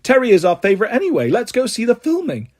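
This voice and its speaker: Casual: dude doing a giddy squeaky crowd voice, super high and jumpy. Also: male voice, moderate pace. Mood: excited. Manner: excited, high, chanting. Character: excitable cheering crowd of male lookalikes.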